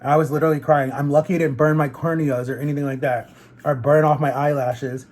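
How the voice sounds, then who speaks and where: A man's voice: on the high side, level tone, fast talker, darkish tone. A man vlogging in a casual, rambling storytelling way while he eats, leaning heavily on fillers like "like" and "literally.". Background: eating on camera between sentences.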